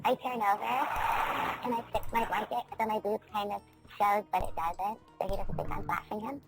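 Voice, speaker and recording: A woman's voice: medium pitch, fairly even intonation, moderate pace, creaky, over music. A woman trading brash, vulgar, mocking banter in a crude teasing phone exchange.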